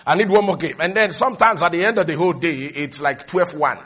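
A man preaching a sermon, leading the congregation to repeat his lines and building up to shouted emphasis as he tells stories. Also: a little high, fast, husky. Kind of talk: sermon with call-and-response.

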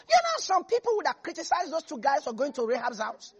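A man preaching a lively sermon who acts out biblical figures and laughs often. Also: very high voice, fast, a faint crowd.

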